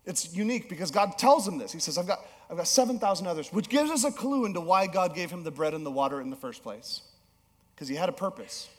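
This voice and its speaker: A male pastor preaching a sermon, telling a story with animated swings between emphatic peaks and low, soft passages. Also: fast talker. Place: church auditorium. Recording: long hall reverb.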